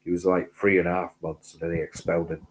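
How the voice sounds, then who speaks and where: A man telling rambling, sweary anecdotes in casual chat, getting louder as the story builds. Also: fast talker, poor audio. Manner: sweary rambling anecdotes, gets loud and high when excited. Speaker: host.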